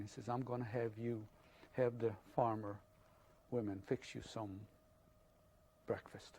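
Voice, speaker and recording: An older man tells his story in a halting, unhurried way, pausing often on fillers. He speaks at an ordinary middle pitch, as an interviewee recalling events from his own life. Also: dark tone, a little hiss or hum. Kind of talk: oral history testimony.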